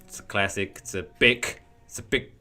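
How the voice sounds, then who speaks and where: A man co-hosting a podcast, talking in a rambling, animated, storytelling way. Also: lowish voice, moderate pace. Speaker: podcast co-host. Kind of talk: casual chat.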